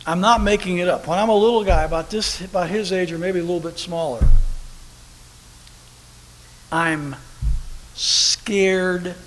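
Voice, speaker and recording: A man preaching a sermon at a church service, telling a story with lively, animated delivery that bursts into shouting. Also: sits high, unhurried, long pauses. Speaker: pastor. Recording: long hall reverb with faint noise.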